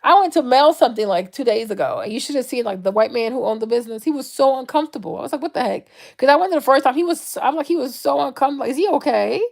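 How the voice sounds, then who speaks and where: Gravelly-voiced woman vlogging. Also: high voice, racing, hardly any pauses. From Ivory Coast. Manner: animated, mocking impressions, frequent "right?". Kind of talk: casual monologue to camera.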